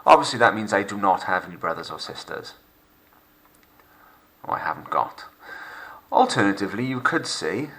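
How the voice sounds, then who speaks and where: A male French teacher narrating a recorded remote lesson, slowing down to model pronunciation for pupils to repeat. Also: lowish voice, sing-song, pushed and bright. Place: home recording for lockdown learning.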